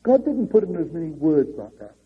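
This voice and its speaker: A man preaching a sermon earnestly, swinging between raised and hushed delivery. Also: fairly high pitch, big pitch swings, a little fast, slightly rough. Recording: muffled lo-fi recording.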